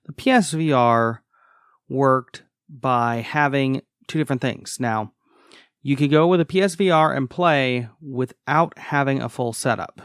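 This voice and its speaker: A man's voice: mid-range voice, no room sound, clean studio sound. A man presenting a podcast segment, casually explaining how tech systems work. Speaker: segment contributor.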